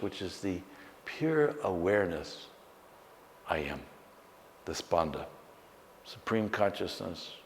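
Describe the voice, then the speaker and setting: A man, a meditation teacher, guiding a slow, calm meditation with long pauses. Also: low voice. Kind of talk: guided meditation. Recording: long hall reverb, faint background noise.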